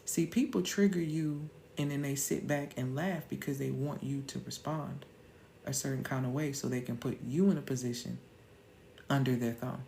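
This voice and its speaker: A woman's voice: a bass voice, fairly even intonation, moderate pace, vocal fry, warm tone, a little hiss or hum. A woman in her thirties hosting a live-stream motivational talk, emphatic and slangy, firing off rhetorical questions.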